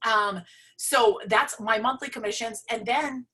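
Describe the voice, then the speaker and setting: A woman giving a passionate, emphatic motivational pitch about her business. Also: a little slow, sharp tone, slightly rough. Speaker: presenter sharing her business story.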